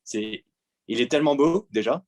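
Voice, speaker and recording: Guest artist, man from France, forties, mid-range voice, halting delivery full of fillers. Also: mid-range voice, a little mellow. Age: 40s. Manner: hesitant, many pauses and fillers. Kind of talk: answering interview questions.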